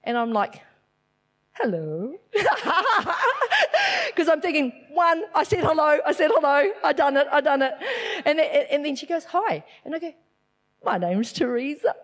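A middle-aged woman giving a chatty, animated church message, telling a personal story with self-deprecating laughs. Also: high-pitched, normal speed. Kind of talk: personal testimony sermon.

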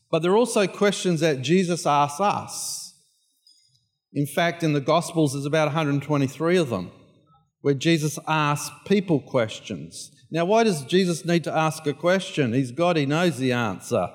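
Emphatic pastor in a reverberant hall. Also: male voice, on the high side, expressive, unhurried. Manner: builds from quiet prayer to loud, rising emphatic repetition. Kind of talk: sermon.

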